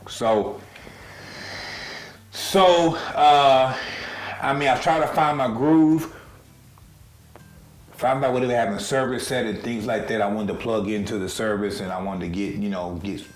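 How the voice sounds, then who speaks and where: A man's voice: medium pitch, a little slow, long pauses. A man earnestly telling his own life story in a casual, emotional, conversational way. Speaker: storyteller recounting own experience. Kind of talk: casual personal testimony. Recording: roomy echo.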